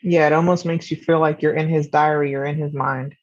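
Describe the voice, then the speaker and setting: A woman's voice: low-pitched, level tone, brisk, no room sound. A young woman guest on a podcast, talking casually and easygoingly over a video call. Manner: easygoing, reads a summary aloud. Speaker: guest, host's younger sister. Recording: slightly muffled video call audio.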